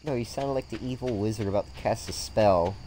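Very low-voiced swearing woman streamer. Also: fairly quick, very noisy. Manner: profane, excitable, swears often. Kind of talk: casual gaming stream chat.

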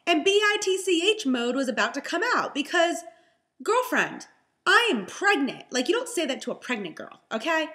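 A woman's voice: high-pitched, sing-song, moderate pace, pushed and bright. A young pregnant woman telling a story in a chatty, exasperated vlog style. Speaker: vlogger, health and fitness coach.

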